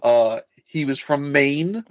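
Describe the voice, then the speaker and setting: A man's voice: a little high, expressive, slow, no echo. A man chatting casually about a film, rambling and swearing as he acts out scenes. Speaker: podcast co-host.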